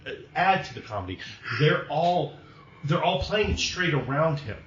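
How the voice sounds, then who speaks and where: A man's voice: fairly high pitch, big pitch swings, normal speed, fairly bright tone, slight background noise. Opinionated man in an echoey room. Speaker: podcast co-host. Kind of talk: casual movie discussion. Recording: echoey room, dull lo-fi sound.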